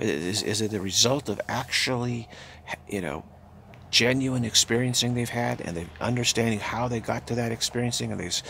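An older man giving a halting, repetitive spiritual talk, slipping into soft murmured chanted phrases. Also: mid-range voice, creaky, a little hiss or hum. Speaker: spiritual teacher.

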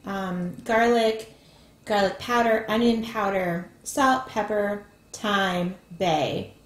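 A woman's voice: mid-range voice, slow pace, reverberant. A woman hosting a home cooking video, chatting casually as she explains each step. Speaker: cooking channel host. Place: home kitchen.

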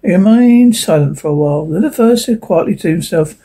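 A woman's voice: fairly low pitch, expressive, a little fast, few pauses, warm tone, breathy edge, low-quality recording. A woman reading a classic novel aloud as narrator, informal, with small restarts.

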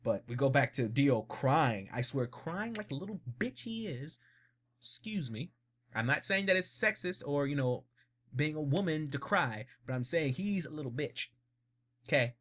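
Animated, blunt man recapping a show. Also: a little high, moderate pace. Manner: animated, blunt, laughs often. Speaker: vlogger. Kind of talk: casual episode recap.

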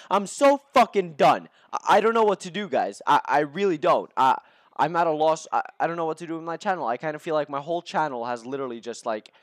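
Young man ranting, bright dry voice. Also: fairly high pitch, dry recording. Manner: ranting, heavy swearing, stammered restarts. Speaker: gaming YouTuber. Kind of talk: live gameplay commentary rant.

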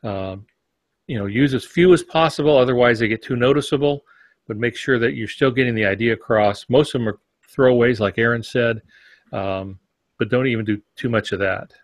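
An older man co-hosting a writing podcast, explaining points in a measured, plain-spoken way. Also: mid-range voice, no room sound. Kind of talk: instructive podcast discussion.

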